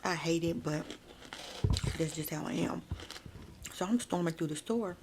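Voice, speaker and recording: This ASMR storyteller talks right to her viewers, peppering her chatty speech with "like" and "y'all." Her lowish voice is unhurried and close to the microphone, with background noise present.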